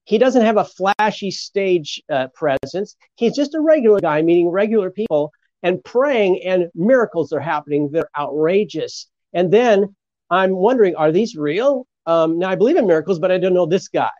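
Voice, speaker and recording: A pastor tells his story with animated energy, acting out the people he quotes. His voice sits a little high. The sound is dry and slightly dull. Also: moderate pace, dry recording. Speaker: pastor, guest. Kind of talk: storytelling testimony. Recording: muffled lo-fi sound.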